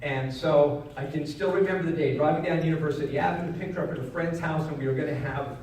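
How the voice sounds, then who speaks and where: A middle-aged man giving a motivational keynote, telling a personal story in an earnest way that moves from loud to hushed. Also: a little high, fast talker, a little hiss or hum. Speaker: keynote speaker. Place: large event hall. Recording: echoey hall, mic at a distance.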